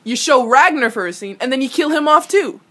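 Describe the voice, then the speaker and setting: A young woman talks through an episode in a casual reaction video. She rants with a lot of energy and swears freely. Her voice sits a little high. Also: a little fast. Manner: animated ranting with profanity.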